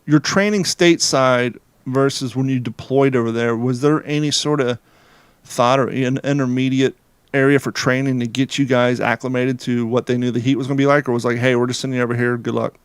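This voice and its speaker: A man hosting a casual podcast interview, asking questions and slipping in quick jokes. His voice is smooth and clear at a middle pitch. The recording is dry, with no room sound. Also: fairly even intonation, no room sound. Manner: chatty, jokey asides. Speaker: podcast host.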